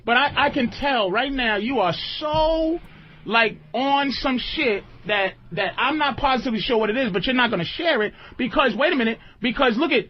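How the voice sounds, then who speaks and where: High-pitched man ranting, dull lo-fi audio. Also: moderate pace. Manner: loud, profane, animated ranting. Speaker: radio show host. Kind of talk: heated radio talk show rant.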